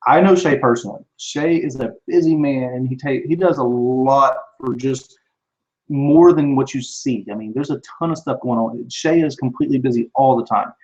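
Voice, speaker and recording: A man's voice: mid-range voice, moderate pace, a little mellow, dull audio. A man, probably in his thirties, hosting a live show and answering viewer questions in a casual, rambling way with many restarts. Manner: rambling, with frequent restarts and fillers. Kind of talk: casual live-stream chat. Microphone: computer microphone.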